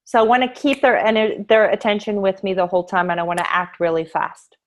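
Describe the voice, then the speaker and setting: A woman leading an online sales training, talking through her table pitch in a brisk, chatty way and acting out what she says to customers, heard over a video call. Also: steady tone. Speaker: essential oils sales trainer. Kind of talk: casual screen-share training talk.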